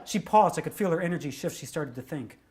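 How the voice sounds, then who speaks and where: A man telling a personal story in a lively, conversational way, full of fillers and laughs. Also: on the high side, fast talker.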